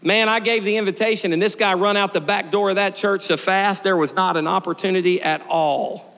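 A middle-aged male pastor preaching a storytelling sermon, swinging from shouted peaks to quiet, joking asides. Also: high voice, fairly even intonation, brisk. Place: church sanctuary. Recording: long church reverb.

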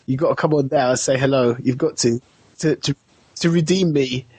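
A man's voice: medium pitch, normal speed, a little mellow, slightly rough, dry recording. A man co-hosting a podcast, telling a rambling story in a casual chatty way. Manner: rambling anecdotal storytelling with laughs. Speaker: podcast co-host.

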